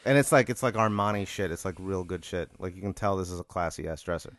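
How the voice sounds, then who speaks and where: A man's voice: sits low, quick pace, a bit bright. A young man co-hosting a podcast, improvising an absurd scenario and filling his sentences with "like". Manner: rambling, leans on "like" while building the scene. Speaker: podcast co-host posing a hypothetical. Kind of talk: improvised comedic storytelling.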